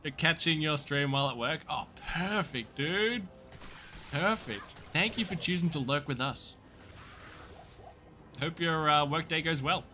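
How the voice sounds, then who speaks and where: A man's voice: a little high, moderate pace, pushed and bright, faint music behind. An Australian man chatting casually with viewers while livestreaming a game, joking and upbeat. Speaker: streamer. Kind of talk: casual gaming livestream chat.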